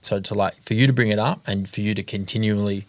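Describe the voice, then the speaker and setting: Man, low monotone voice, dry sound, earnest podcast host. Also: dry recording. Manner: earnest, halting. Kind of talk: casual podcast conversation.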